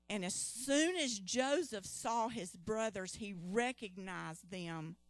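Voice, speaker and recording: A woman's voice: medium pitch, takes it slowly, few pauses, no echo. A woman preaching a sermon, retelling a Bible story and calling out questions to her congregation. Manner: lively, calls out to the congregation.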